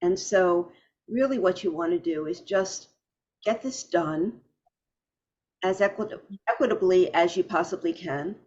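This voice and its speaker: A woman hosting an interview, speaking in a steady, affirming, reflective way. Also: lowish voice, measured pace, muffled recording. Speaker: podcast host. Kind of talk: conversational interview.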